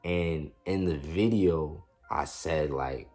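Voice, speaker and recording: A man's voice: rumbling low, slow, darkish tone, faint music behind. A young man casually telling a storytime about his past, slangy and self-mocking, with frequent restarts. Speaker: storyteller vlogger.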